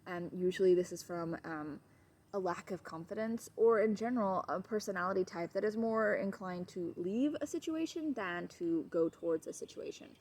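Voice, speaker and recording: A woman's voice: normal speed, a little mellow. A woman dog trainer giving a casual, chatty video lesson at home, wandering into asides. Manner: chatty, digressive, switches to high baby talk with her dog. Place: at home with her dogs.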